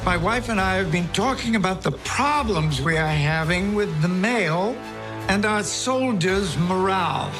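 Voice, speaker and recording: A formal wartime president. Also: male voice, high voice, animated, a little slow. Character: stern male US president addressing generals. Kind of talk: period film drama. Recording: film clip with loud music score.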